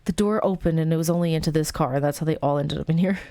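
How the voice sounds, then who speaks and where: A woman's voice: low voice, quick pace, warm tone, no room sound. Chatty woman reading a game aloud. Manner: chatty, giggly asides while reading story text. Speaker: let's play host. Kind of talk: casual game playthrough, reading text aloud.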